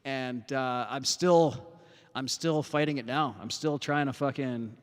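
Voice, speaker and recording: Hosting a music livestream by phone from an outdoor parking lot, this man has a mid-range, clean-toned voice with fairly even intonation and an unhurried pace, all in a big-room sound. He's a bit winded after playing and chats in a rambling, profane way with plenty of fillers.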